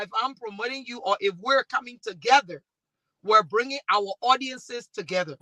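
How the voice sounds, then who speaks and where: A Liberian woman with a Liberian accent and a mid-range voice speaks in a panel discussion, with no echo. A panelist and talk show host, she tells animated stories and acts out the dialogue.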